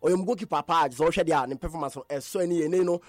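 A man with a Ghanaian accent reads a radio sports roundup in a high, bright-topped voice. His delivery is animated and emphatic, hammering points with repetition. The sound is close and dry, with no room around it. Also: rapid-fire, no echo.

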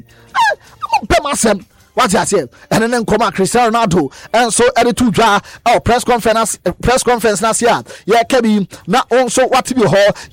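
A Ghanaian man with a very high voice reads the sports news on the radio. He tells his stories with lively, acted-out quotes, and the sound is close and dry. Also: no echo. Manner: lively, storytelling with mimicked quotes.

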